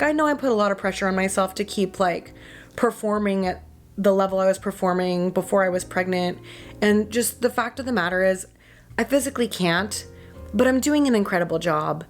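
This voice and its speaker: A young mother chats straight to her viewers in a loose, candid way, dropping "like" all over and swearing now and then. Her voice sits at an ordinary middle pitch for a woman. Soft music plays quietly behind her. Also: moderate pace. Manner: chatty, fills with "like", candid and swearing. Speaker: mom vlogger. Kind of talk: casual chat to camera.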